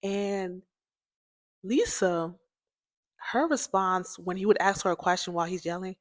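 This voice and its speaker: A young woman hosting a podcast, telling a personal story in a chatty, animated way, often laughing and speaking straight to her listeners. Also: fairly low pitch, unhurried, long pauses, dry recording, studio quality. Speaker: podcast host.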